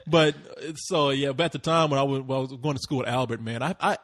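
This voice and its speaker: A man's voice: medium pitch, fairly even intonation, quick pace, fairly bright tone. A young man hosting a podcast, telling loose, profane stories in casual comedic chat. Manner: storytelling with lots of swearing and put-on quotes. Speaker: podcast host.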